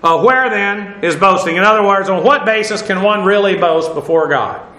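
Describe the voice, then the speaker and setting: A man's voice: high voice, moderate pace, sharp tone, roomy sound. A man giving a verse-by-verse Bible lesson, talking conversationally with fillers and asides while he stands before a seated audience. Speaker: Bible teacher.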